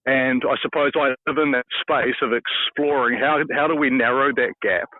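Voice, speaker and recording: A man's voice: medium pitch, fairly even intonation, moderate pace, no room sound. A man with a New Zealand accent, a mental skills coach, talking in a laid-back, self-deprecating way in a casual interview over the phone. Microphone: phone call. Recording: tinny dry phone line.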